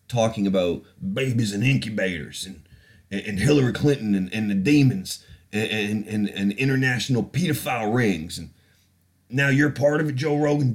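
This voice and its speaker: A man hosting a podcast in a casual, heated rant, profane and mocking. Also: medium pitch. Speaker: podcast host.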